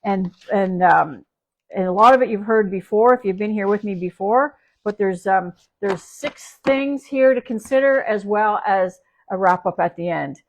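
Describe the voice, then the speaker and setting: A woman's voice: mid-range voice, normal speed. A woman from Canada, a dog trainer, talking casually on a live stream at home, rambling with restarts and fillers. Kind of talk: casual livestream talk. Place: at home with her dog nearby.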